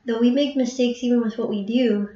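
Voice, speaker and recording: A woman's voice: a little high, fairly even intonation, warm tone. Reflective woman talking in a roomy space. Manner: halting, reflective, many fillers and pauses. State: emotional, near tears at times. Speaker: harpist and channel host. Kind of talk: casual personal monologue. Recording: roomy, distant, dull recording.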